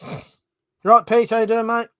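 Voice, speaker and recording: A man's voice: extremely high pitch, completely flat delivery, normal speed, sharp tone, clear, resonant tone, no room sound. A man with a British accent hosting a casual live stream, chatting sarcastically, swearing freely and reading out viewer comments. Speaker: livestream host.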